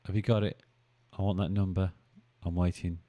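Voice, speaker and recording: A man with a low, mellow voice talks through a live stream. He rambles, thinks aloud and teases his viewers in a casual, chatty way. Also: flat delivery, moderate pace, highs cut off. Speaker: live-stream trading host.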